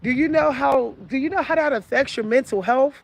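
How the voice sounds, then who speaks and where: High gravelly woman lecturing her viewers. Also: a little fast. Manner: preachy, repetitive, talks straight to the audience. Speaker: vlogger. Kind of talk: casual advice monologue to viewers.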